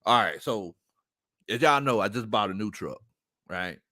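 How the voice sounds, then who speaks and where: A man hosts a relaxed sports livestream, reading out chat comments and spinning stories between bursts of laughter. His voice is bright and forceful, and his pitch rises and falls widely as he talks. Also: normal speed. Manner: laughs often, reads chat comments aloud, storytelling. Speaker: sports show host.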